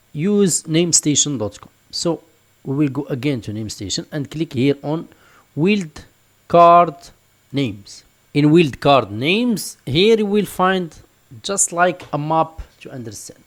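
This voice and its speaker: Guy doing a screen tutorial, kinda high voice, keeps saying for example. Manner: explanatory, repeats "for example" and "just like this". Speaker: online tutorial instructor. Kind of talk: screen-recorded tutorial walkthrough.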